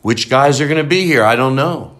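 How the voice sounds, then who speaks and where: A man hosting a podcast in excited casual chat, rambling and jumping up in pitch. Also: brisk. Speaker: podcast host.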